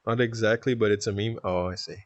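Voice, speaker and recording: A man's voice: lowish voice, steady tone, quick pace, dry recording, highs cut off. A man from Toronto with a Canadian accent, chatting casually on a live stream, reading chat aloud, rambling and laughing often.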